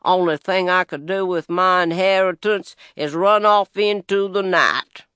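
A man's voice: high-pitched, fairly even intonation, measured pace, sharp tone, clear, resonant tone, dry recording, clean studio sound. A man doing a whining planter in his thirties. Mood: bitter. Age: 30s. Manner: whining, self-pitying. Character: self-pitying 33-year-old white planter, drinker.

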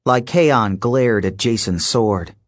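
A man narrating an audiobook in a steady, measured storytelling voice. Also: medium pitch. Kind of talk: scripted narration.

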